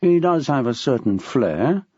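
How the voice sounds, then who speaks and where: Man voicing a dry police detective, measured, dull dry recording. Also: medium pitch, big pitch swings, mellow, slightly rough, no room sound.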